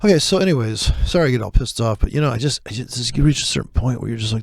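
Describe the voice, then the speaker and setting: A man talks through his live trades in a gravelly voice, blunt and swearing freely as he rambles between asides. His voice sits at a middling pitch and sounds close and dry. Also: fast, a little mellow, dry recording. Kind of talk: profane live trading commentary.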